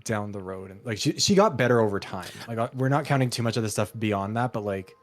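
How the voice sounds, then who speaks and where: Guy co-hosting, talks really fast, dry opinionated takes, faint music behind. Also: lowish voice, animated. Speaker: co-host. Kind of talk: casual chat.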